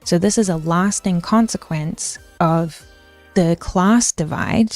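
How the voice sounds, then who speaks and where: A woman's voice: lowish voice, takes it slowly, darkish tone, faint music behind. A woman streamer ranting casually about history, chatty and swearing, answering her chat as she goes.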